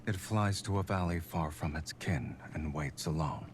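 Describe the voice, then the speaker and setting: A man voicing a calm, teasing male love interest in an otome game, speaking softly. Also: low voice, moderate pace, slight background noise, natural voice. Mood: tender. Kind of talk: voiced game dialogue.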